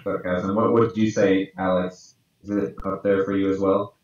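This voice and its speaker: A man's voice: flat delivery, moderate pace, a little mellow. A man co-hosting a podcast, chatting casually and muttering to himself as he works on a drawing. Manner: mutters to himself while working, low-key. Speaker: podcast co-host. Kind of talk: casual chat while drawing. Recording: echoey room, distant and dull mic.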